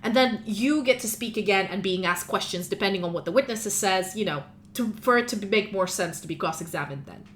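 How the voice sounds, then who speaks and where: A woman's voice: mid-range voice, a little fast, few pauses, fairly bright tone, slight background noise. Casual woman game master. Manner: casual, rambling, many fillers. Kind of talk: narrating a tabletop game.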